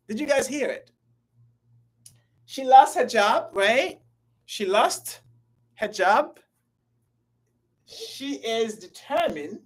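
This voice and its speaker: A high-pitched, slightly bright voice on a low-quality recording belongs to an English teacher running a live online grammar lesson. She repeats phrases, drags her words out, and calls out to viewers by name.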